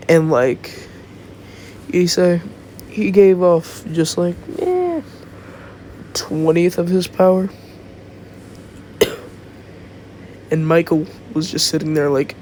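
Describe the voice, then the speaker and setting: A man's voice: fairly high pitch, big pitch swings, slow pace, long pauses, darkish tone, a little hiss or hum. A young man casually making up a fan-fiction story as he goes, rambling and thinking aloud, recorded on his phone.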